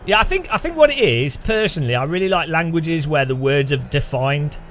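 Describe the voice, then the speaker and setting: Rambling, chatty man, bright voice. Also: on the high side, expressive, a little fast, slight background noise. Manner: rambling, chatty, laughs often, hums and imitates sounds. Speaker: streamer. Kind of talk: casual live-stream chat. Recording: faint music behind.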